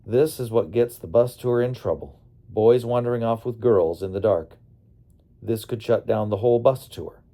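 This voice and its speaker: A man's voice: fairly low pitch, moderate pace, warm tone, lightly acted. A man voicing a stern woman tour leader. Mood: firm. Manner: firm, urgent commands. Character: stern woman in charge of a youth bus tour.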